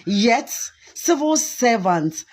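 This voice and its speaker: A woman's voice: on the high side, big pitch swings, slow pace, background noise. A woman arguing a point earnestly in a video clip, with some restarts. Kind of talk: slow argumentative commentary.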